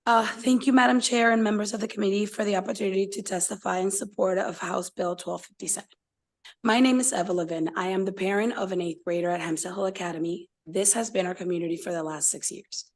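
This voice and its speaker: A woman's voice: mid-range voice, fast. Woman reading committee testimony as parent. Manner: emotional, steady reading.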